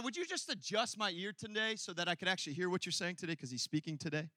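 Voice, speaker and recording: A male pastor preaching a sermon, telling a personal story and building from quiet asides to loud, emphatic peaks. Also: high voice, lively intonation, quick pace, no echo.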